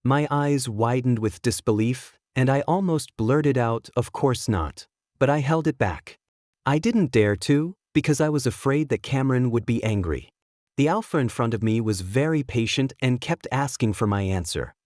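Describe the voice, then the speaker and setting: A man's voice: mid-range voice, normal speed, a little mellow, no echo, clean studio sound. Man reading a first-person story. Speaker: narrator.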